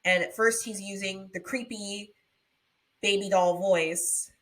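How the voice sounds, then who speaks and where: A woman's voice: mid-range voice, slow. Chatty woman recapping a horror movie. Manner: animated retelling with playful quoted voices. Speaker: podcast co-host. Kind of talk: casual movie recap chat.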